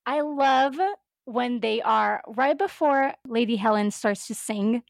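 A woman chats on a podcast in a slightly high voice, animated and giggly. She acts out the lines she quotes. The sound is close and dry. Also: slow, vocal fry, no room sound. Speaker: podcast co-host. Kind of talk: casual chat.

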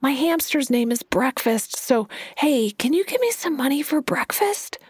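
A woman voicing a jittery man from the street who has a high, breathy voice. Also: expressive, measured pace, no room sound, studio quality. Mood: rambling.

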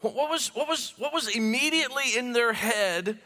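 Male preacher, high bright voice, stammering repeats, sinks to hushed tones, long church reverb. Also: lively intonation, moderate pace. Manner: stammering restarts, repeats words while building emphasis; drops to low hushed tones for key phrases. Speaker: pastor. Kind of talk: sermon.

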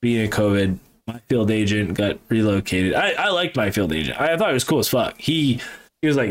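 A man's voice: lowish voice, brisk. Profane, rambling man in casual chat. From New Hampshire. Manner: profane, rambling, animated storytelling. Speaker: podcast guest, gun business owner.

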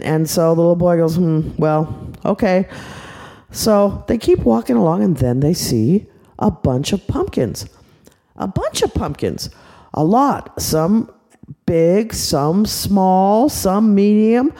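An older woman narrating an improvised bedtime story in a chatty, animated way, tossing in sound effects. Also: on the low side. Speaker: storyteller grandmother.

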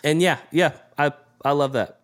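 A man's voice: a little high, normal speed. A young adult man in casual chat who laughs often while talking. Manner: warm-hearted, laughs often. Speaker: podcast co-host.

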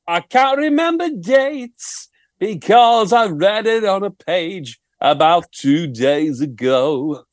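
A man impersonating a laid-back male rock singer with a put-on northern English accent and a slow, mumbling drawl. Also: sits high, lively intonation, no echo, studio quality. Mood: drawling apology.

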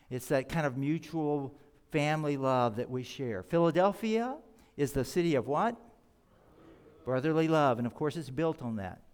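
A man's voice: fairly high pitch, clean tone. A man preaching a sermon as pastor, explaining scripture earnestly and leaning hard on key words. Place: church sanctuary. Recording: reverberant church hall.

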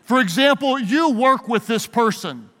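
His pitch is extremely high, his delivery animated but a little slow, his tone sharp. A pastor addressing a live audience in a large hall, he gives a playful, emphatic leadership talk built around call-and-response, heard through long hall reverb.

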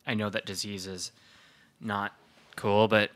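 A man co-hosting a casual podcast, chatty and quick to rant, then apologize for it. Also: on the low side, flat delivery, a bit bright. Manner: chatty, ranting, self-deprecating. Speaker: podcast co-host. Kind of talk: casual chat.

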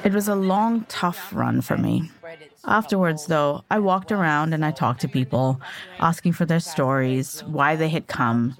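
A woman's voice: low-pitched, moderate pace. A woman in her forties narrating her family's story as a podcast host, candid and reflective.

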